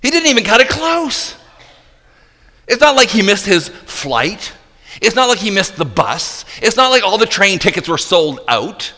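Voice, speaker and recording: A man preaching a sermon, dramatic, acting out the disciples' disbelief and dropping to quiet intensity. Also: high-pitched, very animated, measured pace. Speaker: pastor. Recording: long hall reverb.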